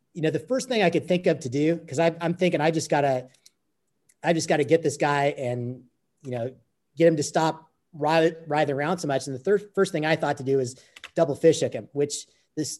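A man's voice: a little high, normal speed, a little mellow. A man telling a personal story as an interview guest, earnest and repeating phrases as he goes. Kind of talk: conversational storytelling.

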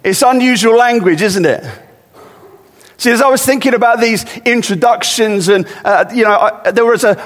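A man with a high voice delivers a sermon in a church, his words trailing into a long hall reverb. He talks conversationally, then presses his points home by repeating them with rising force. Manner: conversational preaching with rising emphatic repetitions. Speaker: preacher.

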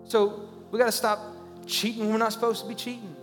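A man preaching a sermon as a pastor, talking conversationally and rising into loud, urgent pleas. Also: high-pitched, level tone, brisk, big-room sound, faint music behind.

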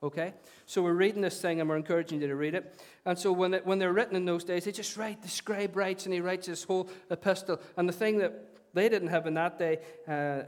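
A man with a Northern Irish accent preaching a conversational, animated sermon in a church, often repeating his phrases. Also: sits high. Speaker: pastor.

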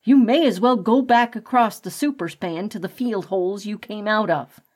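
A woman's voice: mid-range voice, normal speed, a little mellow, close to an everyday voice. A woman voicing an adult male rat, a protective father who lectures the others sternly.

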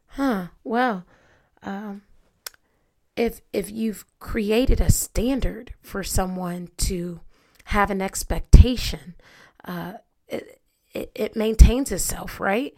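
A woman's voice: mid-range voice, gravelly, a little mellow. A woman hosting a solo podcast, talking earnestly and asking her listeners rhetorical questions, often repeating words as she goes. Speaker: podcast host. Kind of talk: reflective solo podcast talk.

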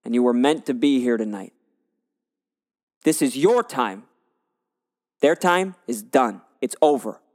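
A man imitating a fiery hockey coach giving a slow, emphatic, rousing pep talk. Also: medium pitch, expressive, a little mellow, long reverb tail, close to an everyday voice.

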